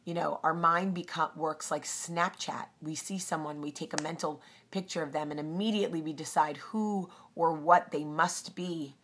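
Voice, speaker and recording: A woman's voice: sits low, fairly even intonation, normal speed, hardly any pauses, fairly bright tone, a little hiss or hum. A woman hosting a casual storytelling vlog, chatty with frequent ums. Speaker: host.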